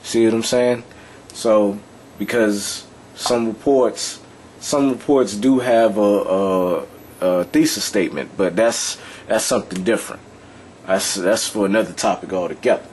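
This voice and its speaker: At a measured pace, a man with a low, darkish voice teaches casually, talking loosely, going over things again, and regularly asking if the listener follows. A little hiss or hum sits in the background.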